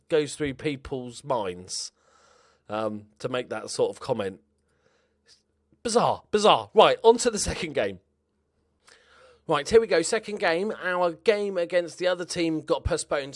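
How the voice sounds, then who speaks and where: A man's voice: on the high side, no echo, studio quality. Chatty man commentating a football game. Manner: chatty, reacts loudly to match events, laughs at own jokes. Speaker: gaming YouTuber.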